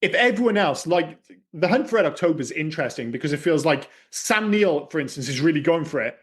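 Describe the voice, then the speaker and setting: A man co-hosting a film podcast, throwing out opinions with loose, sweary energy. His voice sits a touch high and swings widely as he argues his case. It sounds like a relaxed chat between friends. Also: a little fast. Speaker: podcast co-host. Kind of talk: casual film discussion.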